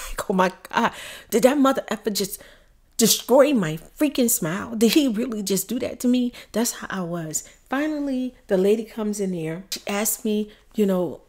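Woman, middle-aged, tearful, casual story time, soft whispers now and then. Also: on the low side. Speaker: ASMR story-time vlogger. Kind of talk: casual story time while doing makeup.

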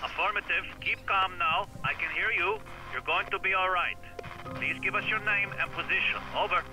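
An actor playing a calm control tower operator in a video game, speaking in clipped radio protocol through a radio filter. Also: male voice, sits high, normal speed, over music, poor audio.

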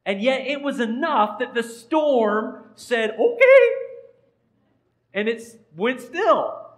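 A man's voice: very high voice, lively intonation, takes it slowly, a bit bright, rough recording. A man, a pastor, giving an interactive sermon in a church and quizzing the congregation by name in a playful way. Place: church sanctuary.

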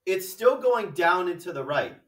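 A man's voice: sits high, big pitch swings, normal speed, a bit bright. A man teaching a math class, explaining step by step and often asking rhetorical questions like "right?". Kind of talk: classroom lecture. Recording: echoey room from far off the mic.

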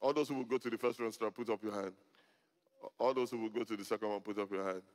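A middle-aged man, a pastor, preaching a sermon to a congregation, telling stories with humor and rising to loud emphatic peaks. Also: fairly low pitch, steady tone, fast talker. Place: church hall before a congregation. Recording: long hall reverb.

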